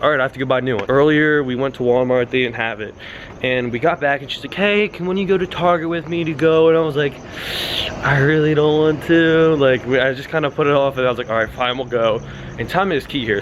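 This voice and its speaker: Young male vlogger, fast and excitable storyteller, swears a lot, handheld camera outdoors, faint traffic behind. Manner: excitable, swears often, acts out quotes in a high yelling voice. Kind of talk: casual storytelling vlog.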